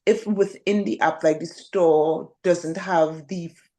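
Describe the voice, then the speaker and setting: A woman with a Trinidadian accent, a teacher chatting in an interview, animated and quick in bursts, with many fillers. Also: lowish voice. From Trinidad and Tobago. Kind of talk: casual interview chat. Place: living in Shanghai.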